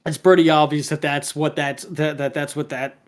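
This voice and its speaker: This co-host of a casual podcast speaks in a somewhat high voice with little pitch movement and a moderate pace. Recounting a cartoon episode, he wanders and restarts, fills pauses with "like" and "um," and occasionally quotes characters in a lightly acted tone.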